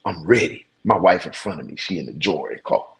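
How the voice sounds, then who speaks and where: A man in his forties, a show host, casually telling stories to his viewers in an animated, slangy way. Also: sits low, brisk, breathy edge, low-quality recording. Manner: animated, slangy, talks straight to his audience.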